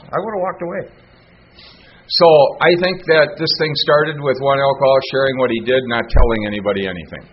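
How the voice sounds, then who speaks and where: A man's voice: on the low side, slight background noise. Older man, earnest storytelling, plain speech, muffled lo-fi radio sound. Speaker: recovery meeting speaker. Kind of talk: personal sharing talk.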